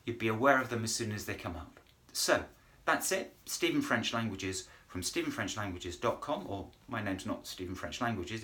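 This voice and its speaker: A man's voice: lowish voice, fairly bright tone. A man teaching Spanish verbs in a video lesson, chatty and encouraging, with self-deprecating humour. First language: English. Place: in front of a whiteboard.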